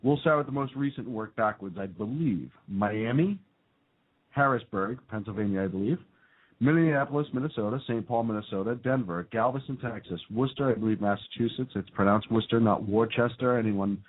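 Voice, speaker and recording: A man's voice: lowish voice, brisk. Man on a lo-fi talk radio stream. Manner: rambling, reads lists with fillers. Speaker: radio show co-host. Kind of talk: casual talk radio chat. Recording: phone-like narrow band.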